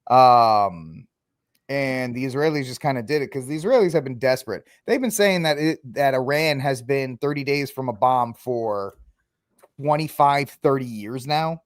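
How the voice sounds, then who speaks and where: A man's voice: medium pitch, moderate pace, no room sound, studio quality. A man hosting a casual podcast chat, joking and rambling, often laughing between points. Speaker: show host.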